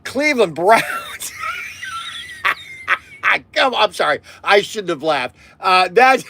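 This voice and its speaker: A middle-aged man from Southern Ohio chats casually as the host of a livestream. His voice sits high and swings widely in pitch. He rambles from one aside to the next and laughs often. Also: sing-song, slow pace, sharp tone, slight background noise.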